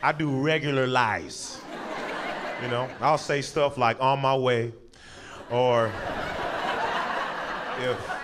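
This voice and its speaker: A man in his thirties doing high-energy stand-up comedy on stage, animated and jumping into voices. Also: slow pace, pauses often. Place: comedy stage before a live audience. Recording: live show with audience noise.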